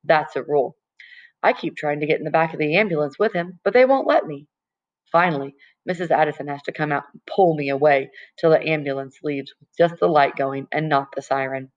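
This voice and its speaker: A woman's voice: low voice, fairly quick. A woman reading a novel aloud in plain first-person storytelling, stumbling now and then. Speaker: audiobook reader. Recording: dull lo-fi recording.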